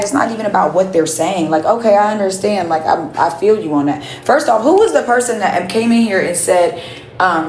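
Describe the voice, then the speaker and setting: A woman's voice: mid-range voice, reverberant, slight background noise, poor audio. A woman livestreaming, ranting at her chat in a profane, confrontational way and repeating herself. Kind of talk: heated live-stream rant to chat.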